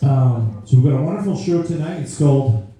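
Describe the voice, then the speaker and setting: A man's voice: mid-range voice, animated, brisk, dark tone. A man performing a live stand-up routine, telling a rambling story that keeps interrupting itself. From Scotland. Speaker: stand-up comedian. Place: live comedy venue. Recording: roomy live venue, mic far off.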